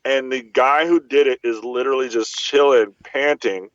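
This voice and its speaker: A man co-hosting a podcast, retelling film scenes in a lively way, acting out the lines and swearing freely. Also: medium pitch, normal speed, dry recording, highs cut off. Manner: animated storytelling, acts out quotes, swears freely. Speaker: podcast co-host. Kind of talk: casual chat.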